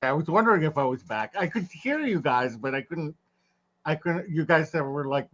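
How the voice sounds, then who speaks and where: A man's voice: on the high side, animated, normal speed, a bit bright. A man in his fifties in a casual live discussion over a video call, easygoing and laughing as he talks. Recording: muffled video call audio.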